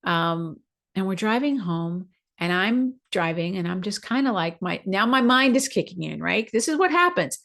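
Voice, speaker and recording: A woman's voice: mid-range voice, expressive, moderate pace, creaky, a bit bright. A woman hosting a podcast, telling a personal story in a conversational way, acting out her own thoughts as quoted asides. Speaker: podcast host.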